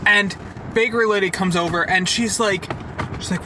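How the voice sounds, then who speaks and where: A man's voice: sits high, normal speed, pauses often. A young man vlogging a heated, profanity-filled story, rambling and saying "like" a lot, to a camera set down outdoors near traffic. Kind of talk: casual storytelling. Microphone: camera set down nearby.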